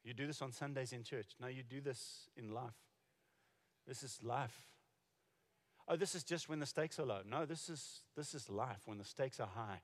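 A pastor of forty or older speaks at normal speed in a mid-range voice, telling stories conversationally as he preaches. He frequently restarts his sentences, and the recording has the echo of a reverberant hall.

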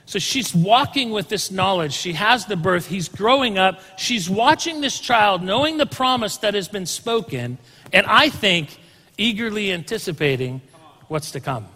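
A man's voice: high voice, expressive, normal speed, bright, forceful tone, long reverb tail. A man preaching a sermon as a pastor, talking casually and asking the congregation questions. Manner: conversational, asks the congregation questions.

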